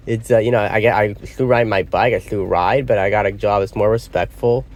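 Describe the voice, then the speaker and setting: A man's voice: on the low side, brisk, few pauses, a little mellow. A man giving a casual spoken film review, rambling and often losing his train of thought. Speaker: movie reviewer. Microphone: phone or small device.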